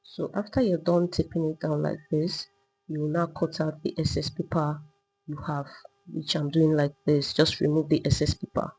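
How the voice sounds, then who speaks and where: A woman teaching a step-by-step sewing tutorial, calmly talking through each move while she drafts and cuts a pattern. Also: low voice, moderate pace, husky, rough recording. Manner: patient, repetitive demonstrating, talking while working. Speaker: sewing instructor.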